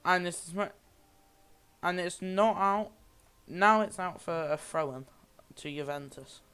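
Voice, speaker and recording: A man's voice: sits high, unhurried, sharp tone, smooth. A man giving amateur play-by-play commentary on a football match, rambling a little and often restarting or correcting himself.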